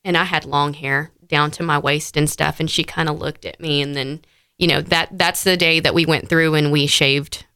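A woman's voice: low-pitched, steady tone, normal speed, pushed and bright, clean tone, dry recording, clean studio sound. A woman, an interview guest sharing a personal story in heartfelt detail, with frequent fillers.

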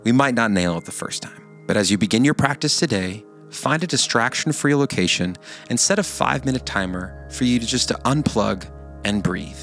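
A man hosting a podcast, giving calm, encouraging closing remarks. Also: mid-range voice, moderate pace. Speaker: podcast host. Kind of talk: closing remarks over music. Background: faint guitar music.

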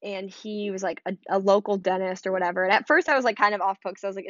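A woman's voice: medium pitch, quick pace, a bit bright, dry recording. Woman, 20s, from Michigan; casual rambling vlog storyteller, leans on "like"; dry, slightly dull recording. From Michigan, USA.

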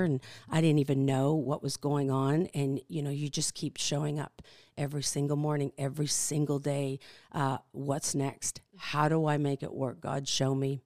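A woman in her fifties speaks with a notably low voice, recorded dry and close with no room sound. She tells her personal faith story as a podcast guest, reflective and halting, often pausing on fillers. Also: fairly even intonation, a little mellow, dry recording.

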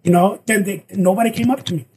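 A man's voice: sits high, fast, husky, poor audio. A man telling a story in casual chat, acting out the lines of the people in it. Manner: animated, acts out quoted lines. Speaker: guest actor.

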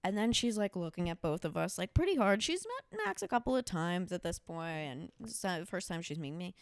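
A woman's voice: fairly low pitch, fairly quick, no echo. Woman on a podcast ranting, swears a lot, voice jumps all over, dry close sound. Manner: blunt, profane, animated storytelling. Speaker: podcast host. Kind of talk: casual podcast chat.

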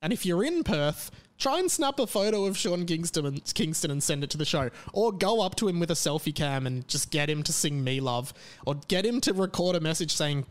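A man's voice: a little high, animated, fairly quick. A man hosting a podcast, chatting casually and rambling through plugs with plenty of fillers. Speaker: podcast host.

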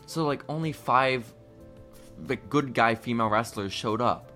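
A man's voice: medium pitch, measured pace, pushed and bright, soft background music. A man co-hosting a casual wrestling podcast, teasing his co-host and mocking promos with put-on voices.

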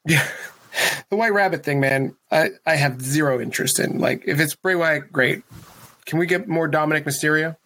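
A man's voice: fairly high pitch, normal speed, sharp tone. A man co-hosting a wrestling podcast in casual, rambling chat, laughing often. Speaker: podcast co-host.

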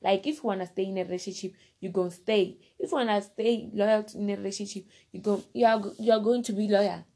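A woman's voice: mid-range voice, fast talker, few pauses, mellow. A woman casually telling a personal story, rambling and repeating herself, often turning to the listener directly. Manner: rambling, repeats phrases and fillers.

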